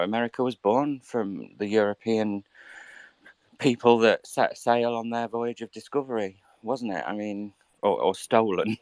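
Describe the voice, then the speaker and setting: A man's voice: on the low side, no echo. A man with a British accent chatting casually, joking in a wry way and rambling through fillers. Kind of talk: casual chat.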